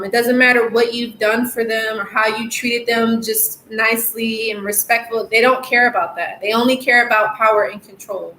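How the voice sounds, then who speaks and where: A fairly high-voiced woman chats loosely on a live stream, meandering through stories with plenty of "um" and "you know". The room around her rings with echo, and a faint hiss sits under her voice. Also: a bit bright. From United States. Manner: rambling, lots of fillers, laughs often. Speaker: life coach hosting a live stream. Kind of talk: casual live-stream chat reading viewer comments. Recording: echoey room with faint noise.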